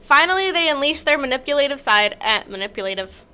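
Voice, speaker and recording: A young woman co-hosting a podcast in casual chat with her friends. She has a high voice with a sharp, bright edge. She is agreeable and self-mocking, and she giggles as she reads out her results. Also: animated, fast, soft background music. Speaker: podcast co-host. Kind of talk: casual chat, reading quiz results aloud.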